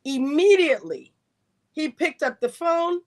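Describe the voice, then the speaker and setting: A retired Air Force colonel, a woman whose voice sits high and moves a little slowly, tells a long story about her career in a podcast interview. She's an animated storyteller who acts out the voices and quoted dialogue of the people involved.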